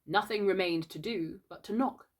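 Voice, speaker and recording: Woman gently reading a children's book aloud. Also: medium pitch, moderate pace. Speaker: storyteller.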